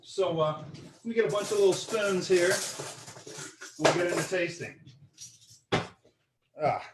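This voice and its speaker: A man's voice: high voice, a little slow, noisy background. A man hosting a live home cooking show, chatting casually as he explains each step and often checking in with "right?" and "okay?". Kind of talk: live-streamed cooking demonstration. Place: home kitchen.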